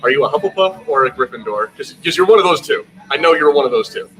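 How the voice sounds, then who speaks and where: A man's voice: a little high, animated, fast talker, a bit bright, low-quality recording. A man hosting a pop culture podcast in casual chat, joking and teasing his guest and swearing freely. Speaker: podcast host.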